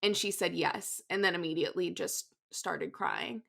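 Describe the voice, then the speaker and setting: A young woman co-hosting a casual podcast chat, adding reflective comments and quick agreement. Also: on the low side, gravelly, bright, forceful tone. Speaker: podcast co-host.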